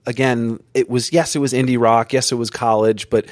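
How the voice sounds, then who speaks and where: A man's voice: mid-range voice, flat delivery, brisk, no room sound. A man hosting a podcast, chatting casually and telling jokey stories. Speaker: podcast host. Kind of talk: casual interview chat.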